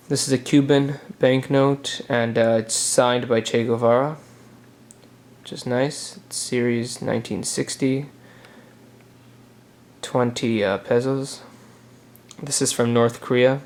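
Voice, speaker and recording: A young man with a gravelly, fry-edged voice talks casually through his collection of banknotes. His pitch stays level and even. He pauses often with "uh" as he squints at dates, relaxed and unhurried. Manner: relaxed, halting, many "uh" pauses while reading notes. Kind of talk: casual show-and-tell vlog.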